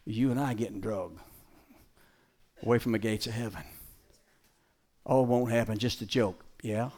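A middle-aged man presents a live dog-training show. He shouts commands at the dog in bursts, jokes with the crowd, and drops into a soft, preachy tone. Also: lowish voice, normal speed. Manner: jokey crowd banter.

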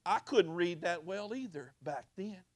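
A middle-aged pastor, preaching a sermon in church and swinging from loud to quiet. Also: male voice, high voice, expressive, measured pace, dry recording. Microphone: handheld or stand mic with sound operator.

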